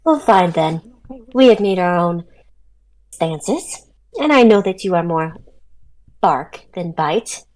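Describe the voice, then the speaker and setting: A woman's voice: fairly low pitch, animated, takes it slowly, pauses often, a little mellow, low-quality recording. Woman playing a formal young elf noblewoman. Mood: defiant. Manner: formal, stately phrasing.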